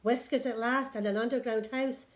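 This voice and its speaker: A woman nursery teacher reading a picture book to young children in a clear, sing-song read-aloud voice. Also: a little high, steady tone, normal speed.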